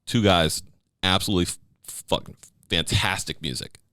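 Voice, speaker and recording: A man's voice: deep voice, normal speed, pushed and bright, no room sound, clean studio sound. A male podcast host chatting casually, joking and laughing a lot. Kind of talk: casual chat.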